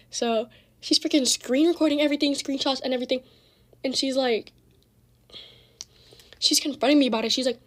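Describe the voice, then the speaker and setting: A teenage girl telling a messy school drama story in a casual, slangy, profane rant. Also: high-pitched. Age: teens. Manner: fast, slangy, profane, animated retelling.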